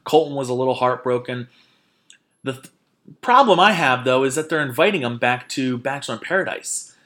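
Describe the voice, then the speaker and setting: A man's voice: medium pitch, animated, a little fast, sharp tone. A man hosting a podcast, chatting casually and animatedly retelling scenes with quoted voices. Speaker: podcast host. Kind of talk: casual chat recapping a reality show.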